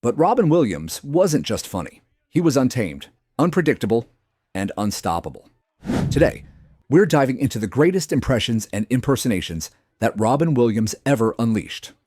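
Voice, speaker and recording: A man's voice: mid-range voice, big pitch swings, moderate pace, a little mellow, breathy edge, no echo, studio quality. A man reading scripted documentary narration with dramatic emphasis.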